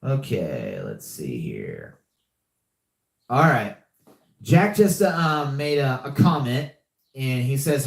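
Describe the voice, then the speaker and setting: A man's voice: medium pitch, big pitch swings, slow pace, creaky, long pauses. A man hosting a casual live podcast, rambling and repeating himself with many fillers as he reads the chat. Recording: echoey room.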